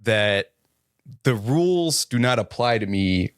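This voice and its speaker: A man's voice: mid-range voice, animated, slow pace, clear, resonant tone, no echo, clean studio sound. A man co-hosting a casual film review chat, musing on the film's themes in a hesitant, reflective way. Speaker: podcast co-host.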